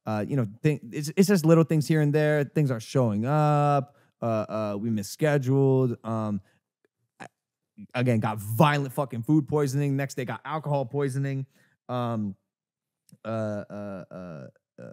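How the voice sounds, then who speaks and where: A man's voice: mid-range voice, normal speed, a little mellow. A young man in his twenties hosting a podcast, telling a story in casual chat with lots of restarts and fillers. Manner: rambling, many restarts and fillers. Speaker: podcast host.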